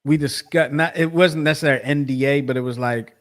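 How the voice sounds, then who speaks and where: A man with a fairly high, steady voice talks briskly as a co-host on a sports podcast. He chats casually but rambles, restarting often, repeating himself, and filling gaps with lots of fillers.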